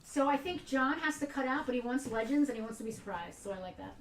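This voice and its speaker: High-voiced woman hosting in an echoey store. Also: lively intonation, fast, slight background noise. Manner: chatty and giggly, with blunt outbursts. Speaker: livestream host of a toy store giveaway. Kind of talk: casual livestream chat. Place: toy store, indoors. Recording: roomy echo, a bit far from the mic.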